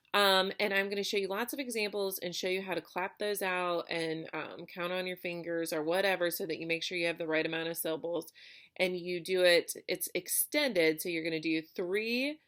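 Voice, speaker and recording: Young female teacher, slightly low voice, casual and chatty, lots of fillers. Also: normal speed, fairly bright tone. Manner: casual, chatty, many ums and likes. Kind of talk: recorded remote lesson for students.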